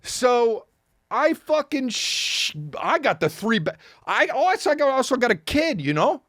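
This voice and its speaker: Animated, profane male podcast host. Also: very high voice, measured pace, no echo, studio quality. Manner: animated, profane, exaggerated delivery. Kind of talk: comedic storytelling on a podcast.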